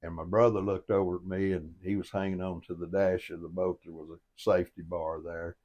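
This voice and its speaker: A man's voice: low-pitched, little pitch movement, a little fast, a little mellow, dull audio. An older man telling a boating story in a folksy, plain-spoken and earnest way, as a motivational storyteller. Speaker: storyteller and life coach.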